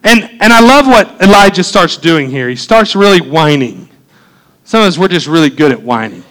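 A middle-aged man preaching a sermon as pastor, animated and conversational, with frequent asides. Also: a little high, normal speed, low-quality recording.

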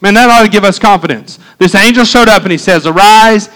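High-voiced animated preacher man. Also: fast, poor audio. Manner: animated preaching with conversational asides. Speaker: pastor. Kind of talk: sermon.

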